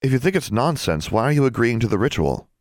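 A man's voice: mid-range voice, big pitch swings, fast, no room sound, studio quality, voice pushed up, natural voice. A man voicing a serious, worried schoolgirl who speaks reproachfully to her friend.

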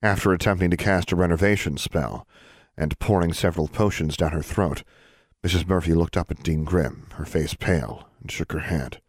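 A male narrator reads a story in a steady, even voice. His tone is very low and somewhat husky. The recording is dry and close, with no room around it. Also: moderate pace, no room sound. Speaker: audiobook narrator. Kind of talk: scripted narration.

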